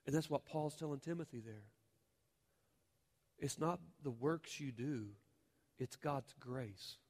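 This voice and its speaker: A man's voice: medium pitch, slow pace. A man preaching a sermon as a pastor, earnest and rising to fervent appeals to the congregation. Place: church sanctuary.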